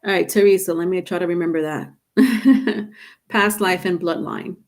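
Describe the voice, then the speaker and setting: A woman's voice: on the low side, unhurried. A woman giving a live-stream tarot reading, chatting with viewers and calling them by name. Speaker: tarot reader.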